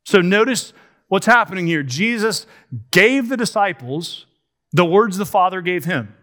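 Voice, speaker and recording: A man preaching a sermon, posing rhetorical questions and slowing down to stress key words. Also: sits high, expressive, pushed and bright.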